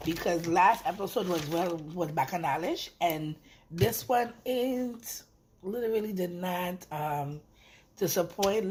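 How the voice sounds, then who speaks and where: A woman's voice: on the low side, darkish tone, a little hiss or hum. A woman giving a casual, sassy review of a reality show. She speaks bluntly and profanely and mimics the people she talks about. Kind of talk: casual reaction review, animated retelling.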